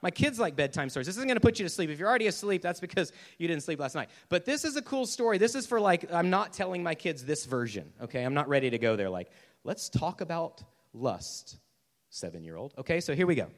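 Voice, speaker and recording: A man in his thirties, a Catholic youth speaker giving an animated, joking sermon that speaks directly to young listeners. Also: a little high, fast talker, few pauses, in a large hall. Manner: animated, joking, talks straight to the crowd.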